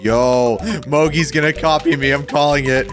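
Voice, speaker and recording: A young man hosting a gaming video, excitable and jokey, panicking and shouting as he plays. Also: a little high, normal speed, soft background music. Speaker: gaming YouTuber host. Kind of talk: excited gameplay commentary.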